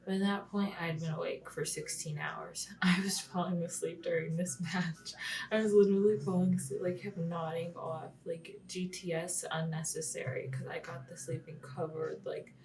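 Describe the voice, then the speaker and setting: A woman's voice: lowish voice, fairly even intonation, moderate pace, gravelly, a little mellow. Chatty woman, slightly distant mic. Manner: chatty, frequent "like", drops into whispers, swears. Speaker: wrestling vlogger. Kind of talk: casual recap vlog.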